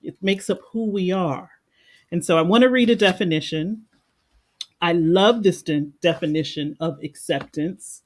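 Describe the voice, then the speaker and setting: A woman's voice: fairly low pitch, measured pace, darkish tone. A woman life coach on a livestream, talking in an earnest, reflective and emotional way. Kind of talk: livestream meditation talk. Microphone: livestream microphone.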